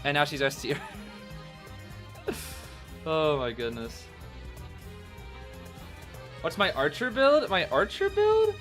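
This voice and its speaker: A young man casually commenting on a tournament he is watching. He is excitable, uses slang, and breaks into shouts and cries of despair. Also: fairly high pitch, slow, pauses often. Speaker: gaming commentator reacting to a tournament. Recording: faint background music.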